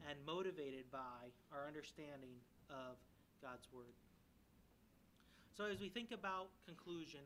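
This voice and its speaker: A man's voice: on the high side, pushed and bright, reverberant, a little hiss or hum, low-quality recording. A young man preaching a conversational sermon, mixing self-deprecating asides with emphatic questions to the congregation. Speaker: church member preaching.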